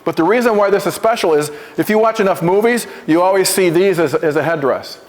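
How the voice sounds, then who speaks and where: Speaking briskly in a school hall with a long trailing reverb, a high-voiced man presents to a class. He's a visiting Oneida presenter who stammers through restarts, quizzes the students, and has them repeat after him.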